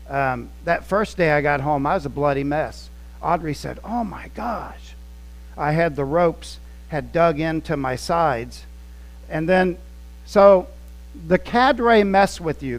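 A male pastor with a fairly high-pitched voice delivers a sermon as relaxed, conversational storytelling. He acts out the scenes he describes as he talks. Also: rough recording. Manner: conversational, anecdotal, acting out scenes.

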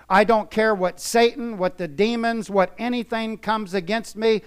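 A man preaching a sermon in a church, emphatic, swinging from soft to loud. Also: high voice, fairly even intonation, normal speed, hardly any pauses, clean tone. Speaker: pastor.

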